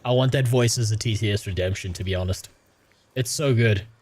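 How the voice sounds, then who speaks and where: A man's voice: on the low side, a little fast, a little mellow. A young man streaming a game, talking in crude, sarcastic, laughing rants. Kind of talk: casual gaming stream chat.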